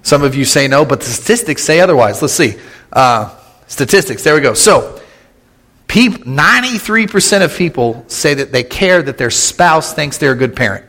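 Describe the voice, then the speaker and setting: A man, preaching a casual, humorous sermon as a pastor, chatty and quick with jokes and asides. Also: a little high, big pitch swings, fairly bright tone. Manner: joking, conversational, with quick asides and laughs. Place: church sanctuary. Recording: long hall reverb in a church.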